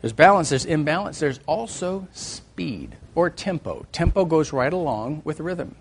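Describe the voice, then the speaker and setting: Man, middle-aged, music teacher, church class, lively, hums and sings examples, fairly high voice. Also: unhurried, a little hiss or hum.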